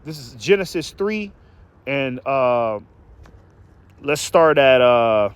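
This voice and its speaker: A man's voice: medium pitch, expressive, slow pace, clean tone, no echo. A man preaching a heated rant, reading scripture aloud, stumbling on words and tagging his points with "okay?" and "man". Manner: emphatic, keeps asking "okay?" and "man". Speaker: online preacher.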